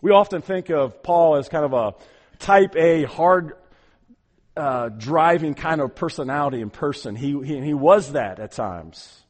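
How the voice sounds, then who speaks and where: A man preaching a sermon as pastor, earnest, often repeating words and swinging from loud to hushed. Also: a little high, lively intonation, a little slow, in a large hall.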